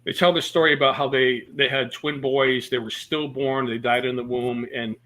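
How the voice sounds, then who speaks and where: Bright-voiced man telling stories. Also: mid-range voice, steady tone, normal speed. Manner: storytelling with jokes and many fillers. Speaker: comedian guest. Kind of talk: casual interview chat.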